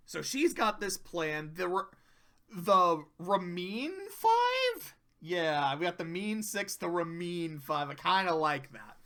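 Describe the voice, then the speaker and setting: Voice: mid-range voice, sing-song, takes it slowly, pushed and bright. A commentator casually recapping cartoon episodes, rambling, swearing freely and laughing often.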